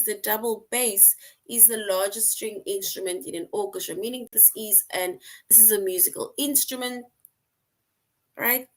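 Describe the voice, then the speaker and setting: A woman teacher explaining a lesson slowly, repeating points and checking in with "right?" often. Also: medium pitch. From outside the US. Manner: slow, repetitive explaining, frequent "right?" check-ins. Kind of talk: online class lesson.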